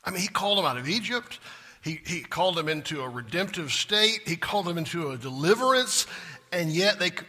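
Husky pastor preaching in a hall. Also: male voice, high-pitched, expressive, brisk, sharp tone. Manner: conversational preaching with rhetorical questions. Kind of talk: sermon. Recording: long reverb in a large hall.

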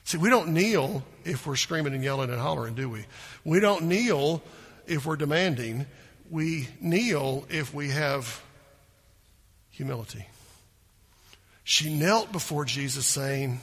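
A man preaching a sermon as pastor, animated, acting out the people in the story. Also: on the high side, unhurried, long pauses, husky, in a large hall.

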